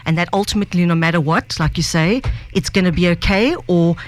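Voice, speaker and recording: A woman co-hosting a podcast who speaks in an earnest, measured and thoughtful way. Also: lowish voice. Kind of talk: reflective conversation about faith.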